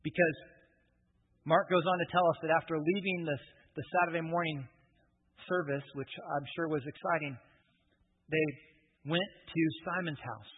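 A man preaches in a relaxed, conversational way, walking through scripture with asides and dry humor. His voice is husky and sits somewhat high. The sound is thin and phone-like, with a long hall reverb behind it. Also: moderate pace, pauses often. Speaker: pastor. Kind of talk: sermon.

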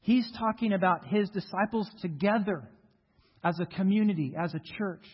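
American man, pastor, high voice, earnest emphatic sermon, echoing church hall, dull lo-fi sound. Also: breathy edge. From United States. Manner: earnest, emphatic preaching with slow stressed phrases. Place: church sanctuary.

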